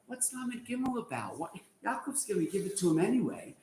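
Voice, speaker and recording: A man teaching a class, animated and sarcastic, firing rhetorical questions at his students. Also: high-pitched, moderate pace, hardly any pauses, reverberant, noisy background. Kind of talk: lively lecture to students.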